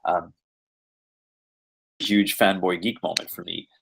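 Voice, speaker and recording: A man speaks in a lowish voice, answering podcast questions about his acting work. He rambles and circles back with plenty of fillers, jumping in energy now and then. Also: takes it slowly, creaky, a little hiss or hum. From Quebec. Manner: rambling, animated, many fillers. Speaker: voice and motion capture actor. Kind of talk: podcast interview.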